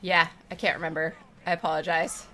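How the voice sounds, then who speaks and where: A woman's voice: deep voice, flat delivery, a little fast, bright, forceful tone, slight background noise. A woman streamer chatting casually with her viewers while she plays a game, rambling and affectionate. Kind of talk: casual chat while gaming.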